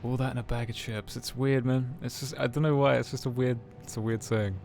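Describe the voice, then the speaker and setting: A man commentating casually on his game stream, sweary and joking between remarks. His voice sits at a middling pitch with a gravelly edge, and game music plays faintly behind. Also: fairly even intonation, a little fast, darkish tone.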